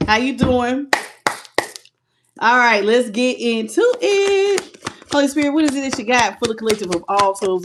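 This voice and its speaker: A woman with a fairly high voice runs a live tarot stream. She greets each viewer by name in a playful, affectionate manner and laughs easily. She stretches out her hellos before turning to the cards. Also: noisy background. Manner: warm, playful, calls viewers "baby" and "boo", laughs often.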